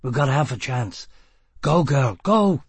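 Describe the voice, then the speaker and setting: A man's voice: medium pitch, moderate pace, dry recording, exaggerated voice. Man doing a gasping, desperate male convict on the run. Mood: urgent. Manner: gasping, gruff, urgent commands. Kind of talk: audiobook reading.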